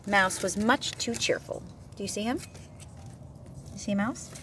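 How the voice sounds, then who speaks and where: A woman reading a picture book aloud to a child, expressive and gentle, pausing to chat about the pictures. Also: mid-range voice. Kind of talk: storybook read-aloud with asides. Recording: distant mic, faint room noise.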